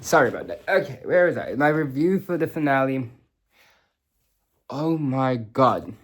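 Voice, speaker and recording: A young vlogger gives an emotional, rambling reaction review of a TV show's finale, filled with fillers, restarts, and swearing. His voice is medium-pitched and animated, at a normal speed.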